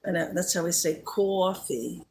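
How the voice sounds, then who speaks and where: A woman with a Central New Jersey accent chats casually with viewers on a live stream. She talks at an unhurried, slow pace and laughs often. She fills her sentences with likes and ums. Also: mid-range voice, a bit bright, slight background noise. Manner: chatty, laughs often, many fillers.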